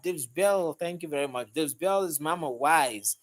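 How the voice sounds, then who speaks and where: A man's voice: fairly high pitch, moderate pace, few pauses. Upbeat man chatting on a live stream. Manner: upbeat, greets and thanks viewers by name. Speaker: mechanic hosting a live stream. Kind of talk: casual live-stream chat. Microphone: phone held in hand.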